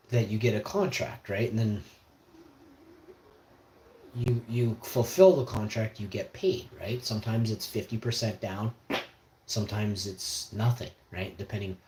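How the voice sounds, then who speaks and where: A man's voice: medium pitch, a little mellow, slight background noise. A man hosting a livestream, telling a long, rambling story in a slangy way that often repeats itself. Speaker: livestream host. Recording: roomy echo.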